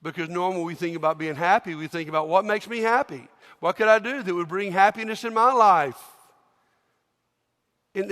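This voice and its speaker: A high-voiced pastor preaches with animated storytelling and acts out each scene. His voice fills a large church, with a long reverb trailing each phrase. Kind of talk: sermon.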